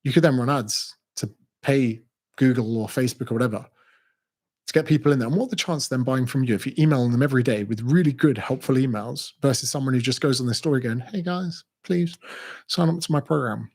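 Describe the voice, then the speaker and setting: A man's voice: medium pitch, fast, darkish tone. Blunt, sweary man coaching business. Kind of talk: direct-to-camera business advice.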